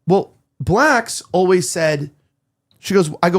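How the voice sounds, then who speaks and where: A male podcast host chatting casually, who rambles through his stories with plenty of restarts and filler. He acts out the voices of people he quotes, and his voice runs slightly high for a man. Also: big pitch swings, fast talker. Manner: rambling storyteller, acting out quoted dialogue. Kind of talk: casual chat.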